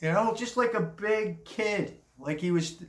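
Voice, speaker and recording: A man's voice: high-pitched, measured pace. Rambling older man in an echoey room. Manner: rambling, blunt, chuckling asides. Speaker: commentary vlogger. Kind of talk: casual opinion monologue.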